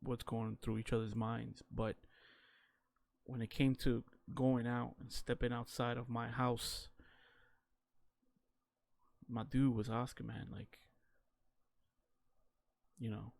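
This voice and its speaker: Candid man, gravelly edge, mid-pitched, casual personal storytelling with loose fillers. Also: little pitch movement, slow, pauses often, a little mellow. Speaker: vlogger telling his own story.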